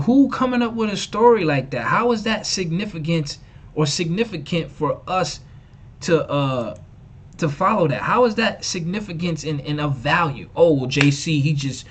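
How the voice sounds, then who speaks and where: Emphatic, scornful male livestream preacher with a slangy delivery and a slightly raised pitch. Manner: emphatic and repetitive, mocking, slangy. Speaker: online preacher and teacher. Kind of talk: live-streamed preaching.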